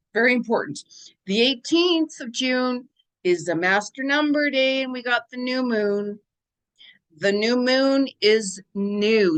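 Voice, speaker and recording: A woman's voice: a little high, a bit bright. A woman hosting a spiritual guidance channel, talking casually through a weekly forecast in a chatty, rambling way and repeating words for emphasis.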